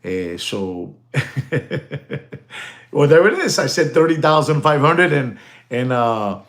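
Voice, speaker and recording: A man hosting a live stream, excitable and animated, thanking viewers and mixing in exclamations. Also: medium pitch, takes it slowly.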